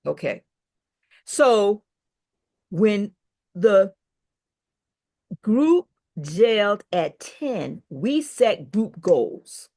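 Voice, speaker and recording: A woman's voice: mid-range voice, drawn-out words, long pauses. An older woman, a business owner, telling a story as a podcast guest and acting out the people she quotes. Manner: animated storyteller who acts out quoted dialogue. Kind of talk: storytelling in an interview.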